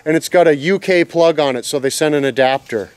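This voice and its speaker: A man's voice: fairly high pitch, brisk, clean tone. A man, swearing freely and venting in casual chat while working on a trailer renovation. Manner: profane, exasperated storytelling. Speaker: vlogger. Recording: faint background noise.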